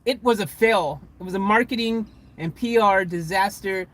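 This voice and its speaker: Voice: medium pitch, normal speed, a bit bright. A vlogger telling a story casually from inside a van, rambling, correcting himself mid-sentence and chuckling along the way.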